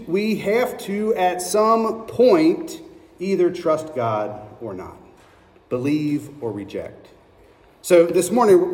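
A pastor giving a sermon at an unhurried pace, his fairly high male voice picked up from a distance. It rings around a large hall with a long reverb, and he tells a story, checking in with the room as he goes. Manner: storytelling, keeps checking in with a "right?". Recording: echoey hall, mic far off.

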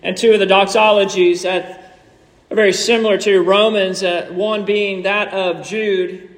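Man preaching a sermon, really high voice, emphatic, long echo like a big church. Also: steady tone, a little slow. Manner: emphatic, repeats short declarations. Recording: reverberant church hall.

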